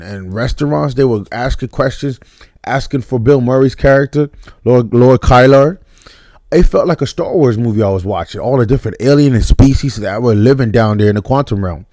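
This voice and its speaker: A man giving a casual spoken movie review, blunt and animated, with mock voices and some cursing. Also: medium pitch, no room sound, studio quality.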